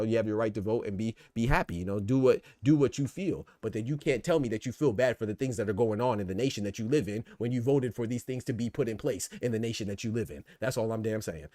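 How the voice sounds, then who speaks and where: A man hosting a podcast, riffing in casual, animated commentary full of rhetorical asides and swearing. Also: lowish voice, no room sound. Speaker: podcast host. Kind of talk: casual boxing and politics commentary.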